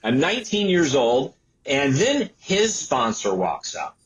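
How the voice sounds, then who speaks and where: Man in his sixties telling a lively story. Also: medium pitch, slow pace, a little hiss or hum, low-quality recording. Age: 60s. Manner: animated storyteller who acts out the people he quotes. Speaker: entrepreneur and author guest. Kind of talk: storytelling in an interview.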